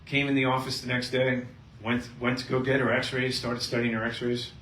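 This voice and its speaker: A middle-aged male chiropractor talks to a seminar crowd, leaning into an animated patient story. He sits back from the mic, so the room's echo rings around his voice, and a faint hiss stays under it. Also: mid-range voice, normal speed. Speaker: chiropractor giving a health seminar. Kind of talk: live seminar talk to an audience. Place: seminar room with a live audience. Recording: echoey room, mic at a distance, faint noise.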